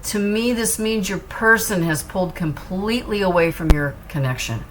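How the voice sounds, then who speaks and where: A woman's voice: mid-range voice, normal speed, a little hiss or hum. A woman giving a tarot reading to camera in an earnest, reassuring way, repeating phrases for emphasis. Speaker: tarot reader.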